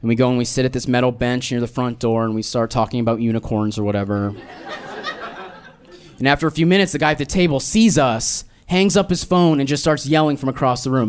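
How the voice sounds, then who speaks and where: A man in his thirties performing a stand-up set, telling a story in a dry, deadpan way and slipping into exaggerated voices for quotes. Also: medium pitch, clear, resonant tone. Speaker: stand-up comedian. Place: live comedy club with audience laughter. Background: audience laughter.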